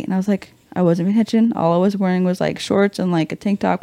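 Young woman telling a lively, salty story. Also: lowish voice, quick pace, creaky, hardly any pauses, no room sound. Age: young adult. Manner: animated, acts out quotes, swears freely, slangy. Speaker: podcast guest. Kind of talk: casual storytelling chat.

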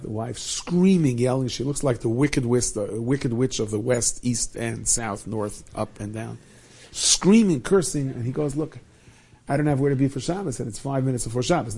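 A man telling a Hasidic tale in a lively way, dropping in many Yiddish and Hebrew words. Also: medium pitch, slightly rough. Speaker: storyteller.

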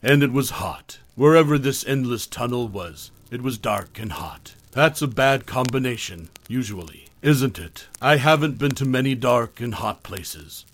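A man narrating a horror story in a calm, low-key way, letting the ends of his lines trail off quietly. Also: measured pace, few pauses.

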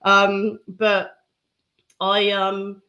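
A woman speaking candidly and reflectively as an interview guest, giving a personal testimony with soft laughs. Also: mid-range voice, monotone, extremely slow.

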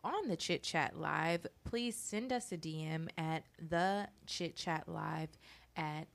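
A woman's voice: low voice, takes it slowly, creaky. A woman co-hosting a chat show who reads a sponsor segment in a polished announcer tone. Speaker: co-host.

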